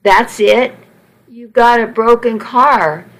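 A woman reading the lines of a weary, soft-hearted male trucker, speaking bluntly and with exasperation. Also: a little high, slow, low-quality recording. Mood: exasperated.

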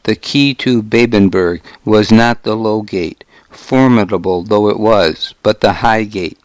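Slow, low-voiced male audiobook narrator. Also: dry recording. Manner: measured, grave storytelling. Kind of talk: scripted first-person narration.

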